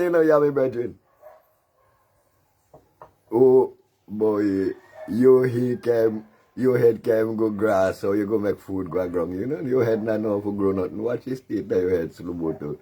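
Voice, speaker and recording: Deep husky man with a Caribbean creole accent. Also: slow pace. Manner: taunting, sermonizing, laughs at his target. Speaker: commentary show host. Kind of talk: mocking political commentary.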